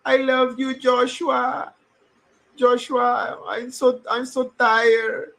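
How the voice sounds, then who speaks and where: Drawn-out, tired Costa Rican abuela, as a man puts her on. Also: very high-pitched, completely flat delivery, gravelly, a bit bright, pitched above the performer's own voice, full character voice, rough recording. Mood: tired, doting. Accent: Costa Rican Spanish. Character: elderly Costa Rican grandmother, affectionate, weary.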